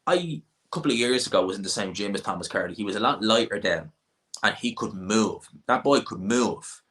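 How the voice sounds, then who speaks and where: A man's voice: lowish voice, animated, a little fast, a bit bright. A young Irishman, rambling casually while he answers chat questions on a boxing stream and repeats himself. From Ireland. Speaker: boxing channel host.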